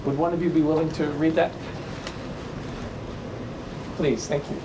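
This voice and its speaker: Workshop leader, male, higher-set voice, halting and restarting, noisy classroom recording. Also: level tone. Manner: halting, many restarts and fillers. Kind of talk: classroom lecture with slides.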